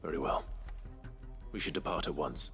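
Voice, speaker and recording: An actor playing a grave, resolute young warrior who speaks in a measured, formal way in video game dialogue. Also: male voice, a bass voice, bright, forceful tone. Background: game score music.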